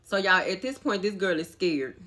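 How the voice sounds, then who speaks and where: A woman, chatting casually to viewers and telling a story in an animated way, swearing as she goes. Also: lowish voice, normal speed, dry recording. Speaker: storytime vlogger. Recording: outdoor noise with passing vehicles.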